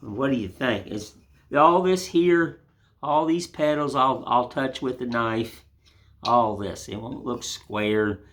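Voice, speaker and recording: A man's voice: medium pitch, slow pace, a bit bright. An older man giving a casual, rambling woodcarving lesson in a folksy, self-deprecating way. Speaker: woodcarving instructor. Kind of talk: casual hands-on demonstration.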